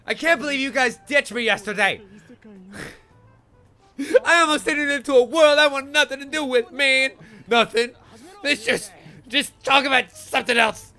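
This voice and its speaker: A man's voice: very high voice, normal speed, long pauses, bright, forceful tone, soft background music, pitched above the performer's own voice, full character voice. A man voicing a brash teenage delinquent who gripes rowdily, reading game dialogue aloud. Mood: griping.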